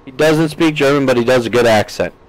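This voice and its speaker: A man's voice: mid-range voice, fairly quick, no echo, poor audio. A man from the United States in his thirties, streaming a game live and chatting with his viewers, reading their messages aloud with playful jokes.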